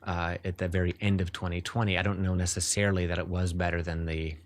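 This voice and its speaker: Low-voiced guy, doctor guest on an interview, earnest, restarts his sentences a lot. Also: flat delivery, fast talker. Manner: earnest, explains at length with frequent restarts. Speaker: neurologist guest. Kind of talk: explanatory interview talk.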